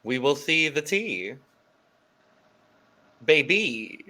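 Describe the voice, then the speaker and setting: A man's voice: a little high, very animated, extremely slow, bright, forceful tone. A man co-hosting a podcast in casual chat, playful and self-deprecating. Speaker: podcast co-host.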